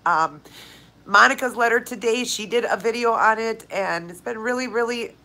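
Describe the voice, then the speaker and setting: A woman's voice: a little high, normal speed, sharp tone, poor audio. A woman hosting a live viewer Q&A, talking casually and tearfully, speaking straight to viewers by name. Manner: emotional, heartfelt, speaks directly to viewers by name. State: tearful, crying. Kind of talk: casual live-stream chat.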